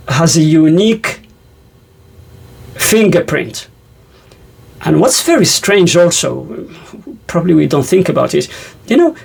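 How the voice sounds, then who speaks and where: An older man explaining scripture in a rambling way, stopping to correct himself and quickly reciting verses. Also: high voice, creaky. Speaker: religious teacher.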